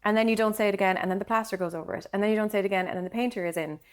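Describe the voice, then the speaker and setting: A woman's voice: medium pitch, fairly even intonation, rapid-fire, smooth. A woman with an Irish accent co-hosting a podcast, giving direct, encouraging advice in casual chat. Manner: encouraging, direct, says "like" often. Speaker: podcast co-host.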